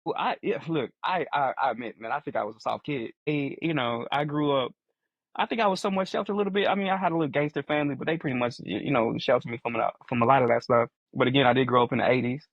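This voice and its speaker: A man's voice: mid-range voice, fast, no room sound, dull audio. A man in his forties co-hosting a casual podcast chat, earnest and restating his points as he explains them. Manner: earnest, repeats phrases while explaining. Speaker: podcast co-host.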